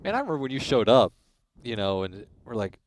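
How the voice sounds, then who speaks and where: A man's voice: medium pitch, fast, a little hiss or hum. A man in his forties, originally from Illinois, telling stories about his racing career in a casual interview and acting out the dialogue. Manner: animated storyteller acting out quoted dialogue. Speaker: guest, racing crew chief.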